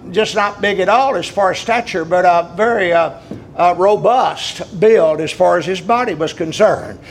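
Older preacher, high folksy voice. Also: male voice, a bit bright, a little hiss or hum. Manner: folksy storytelling, drawn-out pauses with many uh fillers. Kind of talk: sermon.

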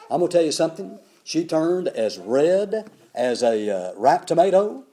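Animated older preacher man. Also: a little high, moderate pace, few pauses. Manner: animated, acts out the characters in the story. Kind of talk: sermon storytelling.

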